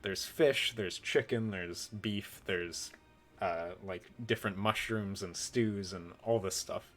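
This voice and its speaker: A young adult man narrating a tabletop game as game master, in a relaxed, rambling way. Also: on the low side, slow pace, soft background music.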